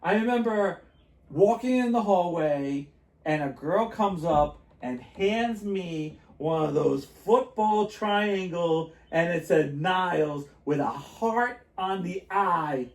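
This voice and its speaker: A man hosting a podcast, telling stories in a lively, animated way and laughing often. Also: sits high, slow pace, recorded from a distance. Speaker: podcast host. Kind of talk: casual chat. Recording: roomy, a little off-mic.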